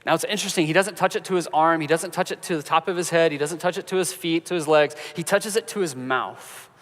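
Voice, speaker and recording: A male pastor preaches in a relaxed, conversational way, weaving in stories with a humorous touch. His voice sits a bit higher than most men's. A long reverb from the church sanctuary trails after each phrase. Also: fast talker. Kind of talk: sermon.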